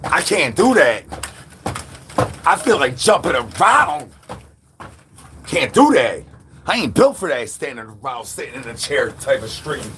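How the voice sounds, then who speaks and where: A man's voice: medium pitch, very animated, measured pace, pauses often, background noise. A man chatting with viewers on a livestream while standing outdoors, playful and full of goofy catchphrases and animal noises.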